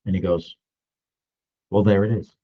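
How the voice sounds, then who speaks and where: Deep-voiced man in his sixties telling a story. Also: measured pace, husky, muffled recording. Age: 60s. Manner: animated storytelling, acting out other people's voices. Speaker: real estate agent. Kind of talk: storytelling vlog.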